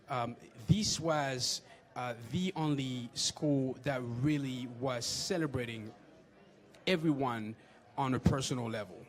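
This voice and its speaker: A French-accented man, a filmmaker, answering interview questions with many pauses and fillers. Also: medium pitch. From France. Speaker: filmmaker guest. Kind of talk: casual interview.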